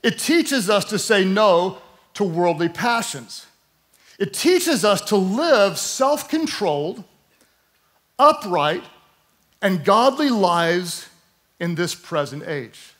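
This is a male pastor preaching at a slow pace, his high voice fairly bright with lively intonation. He is emphatic throughout, encourages the congregation to say words along with him, and adds playful touches.

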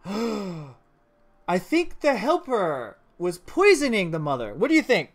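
A woman's voice: medium pitch, huge pitch swings, slow. A woman giving casual, playful commentary while playing a horror adventure game. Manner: playful, jokey, giggly asides. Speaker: let's play gamer.

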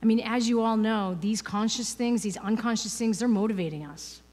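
A woman's voice: a little high, moderate pace, darkish tone. A woman giving a conversational, playful spiritual talk as a guest speaker, asking the audience rhetorical questions. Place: church hall. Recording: reverberant hall.

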